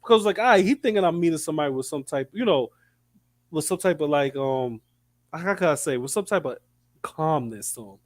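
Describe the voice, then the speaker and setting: A man in casual chat, telling an animated story and acting out what other people said. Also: a little high, fairly quick, no echo, studio quality. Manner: animated storytelling, acts out quotes. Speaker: guest storyteller.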